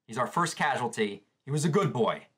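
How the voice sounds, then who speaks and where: A man's voice: mid-range voice, expressive, a little fast, a bit bright, husky. A man hosting a live manga reaction, describing the panels aloud and reacting with shock to what he reads.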